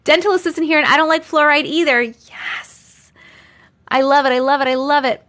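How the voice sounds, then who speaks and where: A woman's voice: sits high, steady tone, moderate pace, fairly bright tone. Chatty woman hosting a live stream. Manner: chatty, laughs often, reads out chat comments. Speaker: livestream host reading viewer stories. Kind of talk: casual live chat with viewers.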